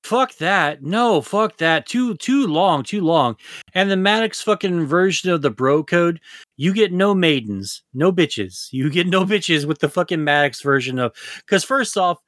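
A man with a slightly high voice rambles through podcast talk, joking and cursing freely. The sound is close and dry, with no room echo. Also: animated, measured pace, a bit bright. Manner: rambling, profane, loose and jokey. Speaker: podcast co-host. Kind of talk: casual podcast chat.

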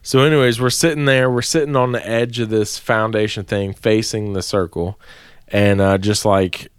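A man's voice: on the low side, steady tone, moderate pace, smooth, dry recording. Profane, rambling man telling a story. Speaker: podcast co-host. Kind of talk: casual storytelling.

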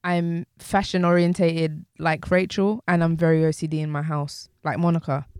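Young woman, podcast co-host, casual chat, emphatic, lowish voice, dry close sound. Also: normal speed, clean tone, dry recording. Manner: animated, emphatic, swings from outrage to quiet asides.

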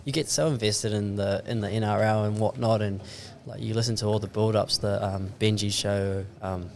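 A man's voice: lowish voice, steady tone, moderate pace, vocal fry. A young man chatting casually as a podcast co-host, slangy and laid-back, swearing freely and ending lines with "eh". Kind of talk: casual chat.

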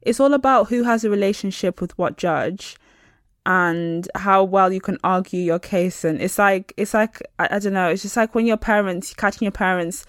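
A woman's voice: mid-range voice, normal speed, few pauses, no room sound, studio quality. A young woman, co-hosting a casual chat podcast, laughing often and reading news aloud. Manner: chatty, laughs a lot, reads news aloud. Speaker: podcast co-host.

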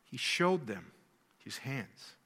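A man's voice: mid-range voice, big pitch swings, takes it slowly, fairly bright tone, slightly rough, long reverb tail. A man preaching a sermon, emphatic, repeating key words and asking rhetorical questions.

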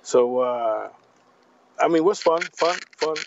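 A man from Puerto Rico, a native Spanish speaker with a Puerto Rican accent, talking in a casual interview in halting, repetitive English. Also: on the high side, animated, gravelly, lo-fi sound, background noise. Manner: halting, repeats words, drops grammar. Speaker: guest.

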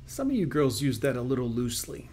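A man hosting a reaction show, talking back at the clips in a sarcastic, dismissive tone. His voice sits at an ordinary middle pitch, with faint noise in the background. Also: sing-song, quick pace, darkish tone. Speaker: reaction video host. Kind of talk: commentary over played clips.

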